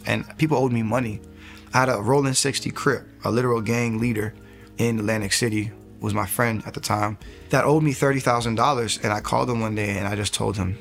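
An interview guest in his thirties recounts his faith testimony in an earnest, rambling manner, dramatizing the words he once spoke. His fairly low voice is gravelly and fairly bright, a little fast with fairly even intonation, over soft background music.

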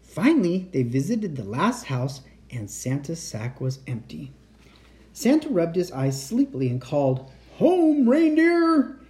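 A man reading a children's picture book aloud as a bedtime storyteller, expressive and animated. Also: medium pitch, unhurried.

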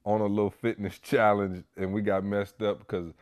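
A man hosting a podcast, chatting casually and telling stories with relaxed slang. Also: lowish voice, moderate pace. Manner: laid-back storytelling with slang. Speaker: podcast host. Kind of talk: casual chat.

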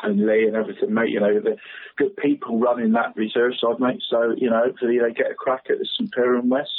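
Over a tinny phone line, a husky-voiced regular football pundit rattles off casual radio chat about the local game. His voice is mid-range, flat and fast, and he rambles, laughs often and calls everyone "mate".

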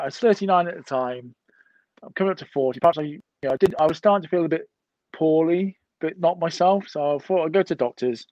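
A middle-aged man, a podcast guest, telling a lively story full of swearing and acted-out dialogue. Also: on the high side, dry recording, highs cut off. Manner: lively anecdotal storyteller who swears freely and acts out dialogue. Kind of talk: casual storytelling.

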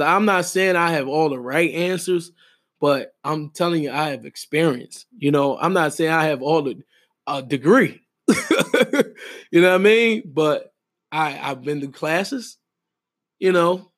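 A middle-aged man with a high voice talks in casual podcast chat. He hammers his points with emphatic, preacher-like repetition. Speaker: podcast co-host and wedding officiant.

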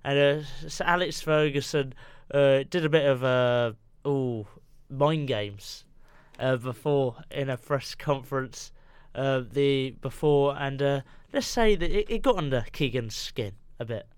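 A man co-hosting a casual football podcast in a studio, hesitant with many uhs and deadpan jokes. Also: medium pitch, a little slow, clean tone, dry recording. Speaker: podcast co-host.

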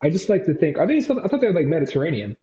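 A man's voice: on the high side, big pitch swings, racing, mellow. A man co-hosting a casual podcast chat, offhand and joking. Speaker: podcast co-host. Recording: roomy, dull lo-fi sound.

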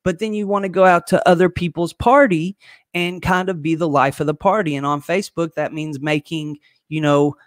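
Male business coach, slightly high voice, loose filler-laden livestream talk. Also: no room sound, studio quality. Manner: excited, fast talker who skips points; filler-heavy, loose and conversational. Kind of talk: casual livestream teaching.

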